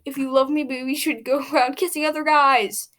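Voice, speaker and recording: A woman's voice: high-pitched, fairly even intonation, a little fast, fairly bright tone. A woman voicing a heartbroken, angry young man who has just been betrayed, in a casual fanfic reading. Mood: bitter hurt. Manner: bitter, hurt outbursts.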